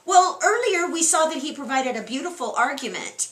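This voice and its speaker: Bright, lively woman teaching a Bible group, questioning her listeners, echoey room. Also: sits high, normal speed. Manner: animated, asks the group questions, reads scripture with expression. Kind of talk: interactive Bible study lesson.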